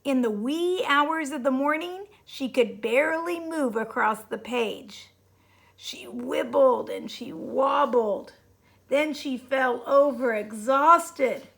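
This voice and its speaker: A woman reading a children's picture book aloud as storyteller, expressive and playful. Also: sits high, takes it slowly, gravelly.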